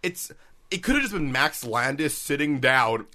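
A man's voice: medium pitch, lively intonation, sharp tone. A man co-hosting a podcast, chatting casually and sarcastically about a movie, often laughing. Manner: laughing, sarcastic, quick asides. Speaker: podcast co-host. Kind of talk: casual movie review chat.

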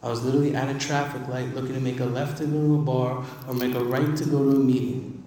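A man's voice: medium pitch, flat delivery, quick pace, dark tone, a little hiss or hum. Man, emphatic recovery-meeting speaker, testimony, distant mic, echoing hall. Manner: emphatic, conversational, repeats words for emphasis. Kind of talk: personal testimony speech. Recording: echoey hall, distant mic, faint ambience.

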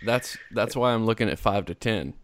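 A man's voice: fairly low pitch, animated, normal speed. A man co-hosting a podcast in casual banter, joking and ribbing the others. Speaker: podcast co-host.

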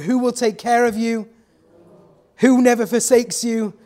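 High-voiced man preaching a sermon. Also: unhurried. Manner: animated, acts out quoted voices, asks the congregation questions.

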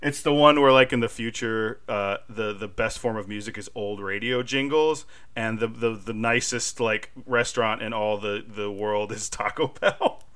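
A man's voice: fairly low pitch, normal speed, hardly any pauses, fairly bright tone, clean tone. A man co-hosting a podcast, chatting casually and animatedly, with lots of filler likes and laughter. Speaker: podcast co-host. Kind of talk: casual chat.

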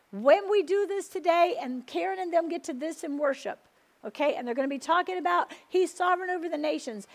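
A woman pastor preaching a fervent sermon, building to excited peaks with emphatic repetition. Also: sits high, gravelly.

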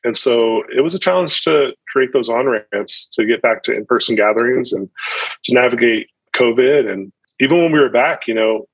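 A man's voice: medium pitch, normal speed, a bit bright, husky, dry recording, rough recording. A man in his thirties, a pastor, talking reflectively in a podcast interview, often restarting his sentences. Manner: reflective, with frequent restarts and fillers.

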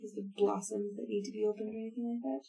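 A woman's voice: medium pitch, flat delivery, fast, gravelly, warm tone. A woman playing a tabletop game, speaking hesitantly and often laughing. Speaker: player. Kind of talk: casual tabletop game play.

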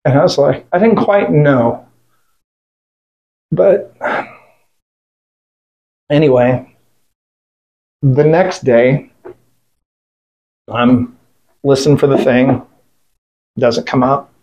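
A man's voice: mid-range voice, extremely slow, pauses often, darkish tone, dull audio. Blunt man telling a war story. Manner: blunt, profane, retells events by quoting others; rambling with restarts and fillers. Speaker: interview guest, military veteran. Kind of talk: casual storytelling in conversation.

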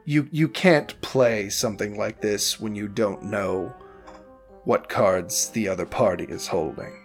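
Composed mysterious sorceress, slow and measured, faint music behind, as a game master puts her on. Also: medium pitch, natural voice. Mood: patronizing. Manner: calm, measured, condescending. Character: poised mysterious masked woman mage, amused. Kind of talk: tabletop role-play.

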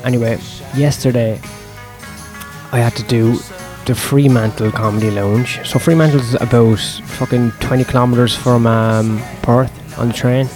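A man's voice: mid-range voice, fairly even intonation, a little slow. A young man, a stand-up comedian talking through his gigs in a casual, profane, self-deprecating ramble, with faint music behind him. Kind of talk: casual vlog monologue.

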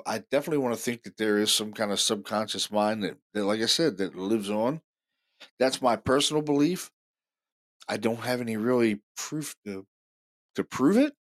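A man hosting a paranormal show, telling stories casually in an excited, rambling way full of fillers and restarts. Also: mid-range voice. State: deaf in left ear. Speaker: paranormal podcast host. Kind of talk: casual storytelling monologue.

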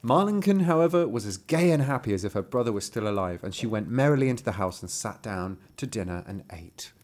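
A man reading a fairy tale aloud with a wry, animated manner, breaking off to joke. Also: fairly low pitch, brisk. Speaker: storyteller.

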